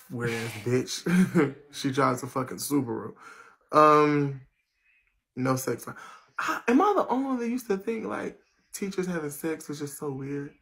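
Young male streamer, bright cutting voice, brash, swears a lot, goes off on chat in casual livestream talk. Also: mid-range voice, gravelly. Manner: brash, profane, quick to rant; reads viewer comments aloud. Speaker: livestream host.

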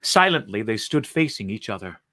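A man reading a story aloud in an expressive, deliberate way. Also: fairly low pitch, no echo, clean studio sound.

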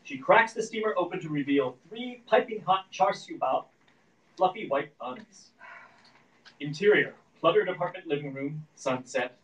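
A man reading the stage directions of a screenplay aloud at a live reading, in a steady, descriptive manner. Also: fairly high pitch, moderate pace. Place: event room at a live reading. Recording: echoey room, distant mic.

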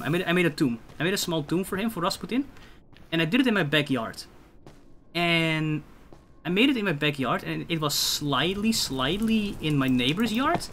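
A man streaming a game, telling stories in a casual, profane, animated way with many restarts. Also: on the high side, a little hiss or hum. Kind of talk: casual storytelling while gaming.

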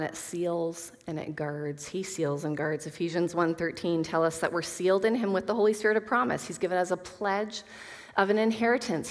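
A woman gives an earnest Bible lesson to a group of women, moving between scripture readings and casual asides. Her voice sits a little low. A long hall reverb trails after her words. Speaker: Bible study teacher.

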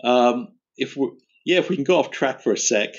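A man chatting as a podcast guest, relaxed and quick to laugh. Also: mid-range voice. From Australia. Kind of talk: casual interview chat. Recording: dull lo-fi audio.

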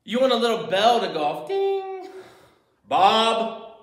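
A man delivers a sermon in a slightly raised voice, swinging from loud, emphatic lines to quiet, low asides. The room around him is echoey. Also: expressive, fast talker. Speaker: pastor.

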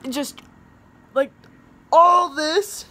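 Bright high-voiced dramatic girl vlogger. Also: fairly even intonation, drawn-out words. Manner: dramatic, chatty, heavy use of "like". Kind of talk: casual storytelling to camera.

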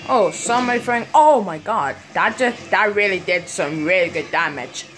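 A woman giving live gameplay commentary, excitable and quick to panic, exclaiming often and laughing at herself. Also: medium pitch, faint music behind. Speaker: gaming video host.

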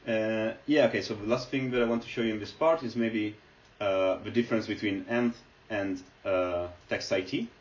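A man's voice: fairly low pitch, fairly even intonation, normal speed. A man giving a screen-recorded lecture, explaining step by step with many fillers as he types. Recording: echoey, distant, dull lo-fi.

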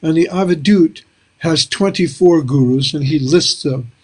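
A man's voice: on the high side, measured pace, slightly rough. An older man hosting a casual interview, talking in a reflective, rambling way with many fillers. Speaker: host.

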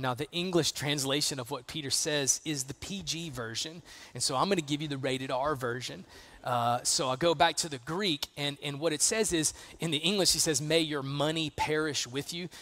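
A man's voice: fairly high pitch, bright, forceful tone. A man preaching a sermon as pastor, conversational and emphatic, acting out quotes and building intensity. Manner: conversational, uses acted-out quotes.

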